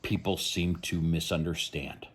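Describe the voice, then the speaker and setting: Low gravelly-ish husky guy ranting about true crime stuff, blunt, kinda rambly. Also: steady tone, measured pace. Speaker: true crime channel host. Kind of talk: opinionated casual commentary.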